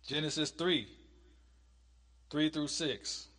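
A man leading a Bible study, reading scripture slowly and with emphasis, then explaining it in a casual, conversational way. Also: fairly high pitch, fairly bright tone, long reverb tail. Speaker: preacher.

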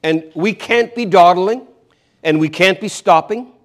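A man's voice: sits high, measured pace. Earnest man preaching with repeated emphasis. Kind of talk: expository sermon.

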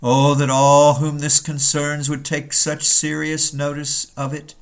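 A man's voice: fairly high pitch, monotone, unhurried, clean tone. A man reading an old Puritan sermon aloud, earnest and building to urgent rhetorical questions.

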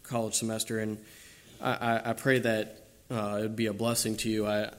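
Halting young man giving a sermon. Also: lowish voice, level tone. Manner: halting, many fillers and restarts. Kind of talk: informal sermon and prayer.

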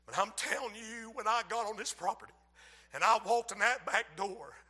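Bright, high-voiced preacher. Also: male voice, moderate pace, breathy edge. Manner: swings from hushed storytelling to loud impassioned preaching. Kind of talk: sermon.

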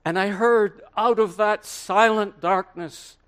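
An earnest old apostle, played by a man, recalls what he saw in a first-person sermon monologue. His voice sits fairly high and moves slowly, with long dramatic pauses and swelling emphasis. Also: steady tone, a bit bright, clear, resonant tone. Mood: solemn. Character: aged male apostle recalling the crucifixion, earnest. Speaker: preacher in character. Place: room with listeners.

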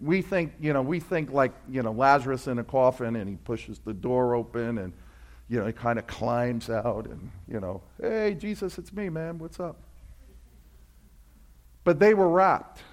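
A man preaching a sermon, telling a story and acting out voices, building from quiet asides to loud fervent climaxes. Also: medium pitch, normal speed. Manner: storytelling preacher, acts out voices, swells to shouts. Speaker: pastor.

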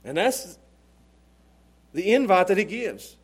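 A man preaching a sermon to a congregation in church, with a repetitive, emphatic cadence, swinging from hushed low tones to shouted emphasis. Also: sing-song, takes it slowly, breathy edge. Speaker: pastor. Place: church service before a congregation.

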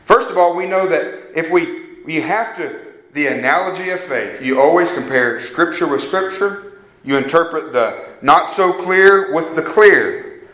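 A man's voice: a little high, expressive, a little slow, a bit bright, reverberant, rough recording. A man preaching a sermon, repeating key phrases for emphasis and putting questions to his congregation.

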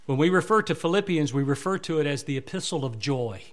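Male pastor, fairly high voice, emphatic sermon delivery. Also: animated, fast talker.

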